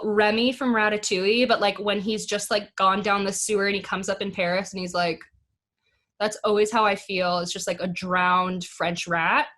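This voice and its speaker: A woman's voice: medium pitch, a bit bright. A young American woman, an actress, chatting on a podcast in a bubbly, rambling way full of asides. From United States. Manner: bubbly, lots of "like" and quick asides. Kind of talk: casual chat.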